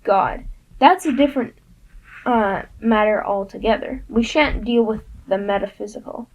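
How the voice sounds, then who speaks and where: A woman voicing a kindly, patient older male teacher, speaking in a gentle, measured and formal way in a storybook reading. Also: mid-range voice, lo-fi sound, lightly acted.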